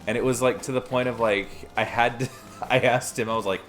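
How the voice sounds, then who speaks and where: A man's voice: medium pitch, steady tone, a little fast, a bit bright, faint music behind. A young man chatting casually while streaming a game, telling rambling stories and laughing often. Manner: rambling anecdotes, frequent laughter.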